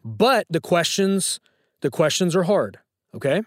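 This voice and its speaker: A man's voice: fairly high pitch, sing-song, a little slow, no room sound, clean studio sound. A man hosting a phone-in trivia quiz, teasing and joking with callers. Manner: playful, teasing. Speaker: trivia show host.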